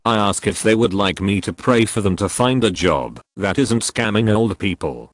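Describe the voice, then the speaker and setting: Low synthetic-sounding male narrator. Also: expressive, normal speed, dry recording. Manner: reads symbols and acronyms out literally. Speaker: reader of online posts. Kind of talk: scripted narration.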